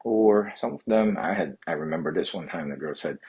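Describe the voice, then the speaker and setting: A middle-aged man from the Philippines telling his life story, halting and restarting often. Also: low voice, expressive, creaky, darkish tone, husky, highs cut off. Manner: halting, many restarts and "you know" fillers. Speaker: physical therapy clinic owner. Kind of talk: personal story monologue.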